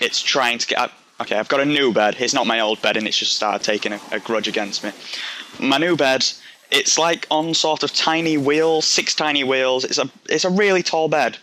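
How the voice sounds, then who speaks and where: A man's voice: fairly high pitch, pushed and bright, slight background noise. A young man with a Yorkshire accent giving rambling, self-deprecating commentary over gameplay, drifting off onto tangents. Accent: Yorkshire English. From Yorkshire, England. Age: young adult. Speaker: gaming commentator. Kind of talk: casual game commentary.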